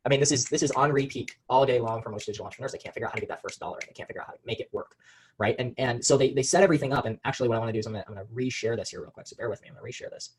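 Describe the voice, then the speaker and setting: A low-quality recording captures a breathy-edged, mid-range man from the Phoenix area, USA, teaching a live online marketing webinar. Energetic with the chat, he reads out viewer names and regularly repeats and restarts his phrasing.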